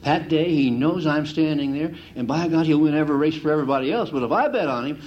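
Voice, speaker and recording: A middle-aged man giving a folksy lecture on handicapping to an audience, an animated storyteller who mimics the gamblers he talks about. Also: on the high side, quick pace, dull audio. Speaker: handicapping instructor.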